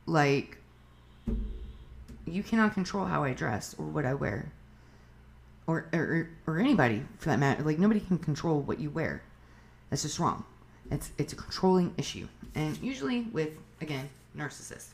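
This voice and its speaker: A woman's voice: deep voice, animated, normal speed. A woman with a Southern US accent giving relationship advice in a blunt, profane, emphatic casual monologue. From Southern United States.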